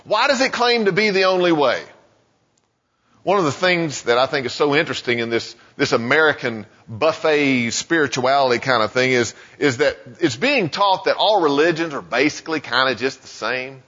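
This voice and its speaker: A man preaching a sermon in a casual, conversational way, full of "you know" asides and quick voiced quotes. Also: mid-range voice, sharp tone. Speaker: pastor. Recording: muffled sound with long hall reverb.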